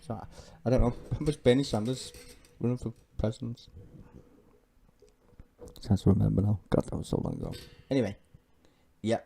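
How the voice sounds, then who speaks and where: A man's voice: medium pitch, gravelly, warm tone. A man giving sweary, ranting political commentary on a live stream, sardonic and blunt.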